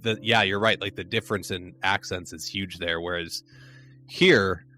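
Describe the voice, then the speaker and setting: A fairly low-pitched American man with a near-neutral accent and a faint Chicago twinge. He talks in a loose, rambling way, full of "like" and quick restarts. It sounds like a remote podcast conversation. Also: fairly even intonation, pushed and bright. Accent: near-neutral American with a slight Chicago twinge. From Arizona, United States. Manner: rambling, lots of "like" fillers and restarts. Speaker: podcast guest, flooring business owner. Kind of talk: casual conversation.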